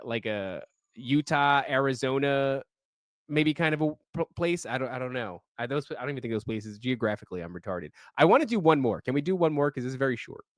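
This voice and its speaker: A man co-hosting a podcast, reading listener stories in casual chat, animated and profane, often laughing while he reads. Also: medium pitch, no echo, clean studio sound.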